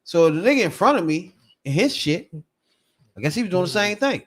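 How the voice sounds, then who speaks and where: Animated high-voiced man telling a story. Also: a little fast. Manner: animated storytelling, shouts and laughs while acting out quotes. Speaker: podcast co-host. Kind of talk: casual podcast chat.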